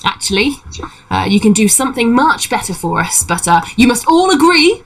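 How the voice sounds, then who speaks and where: A woman voicing an excitable young male halfling pirate who greets guests theatrically. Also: normal speed, slightly rough, exaggerated voice, low-quality recording. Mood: wheedling. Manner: eager, theatrical, hops between high exclamations.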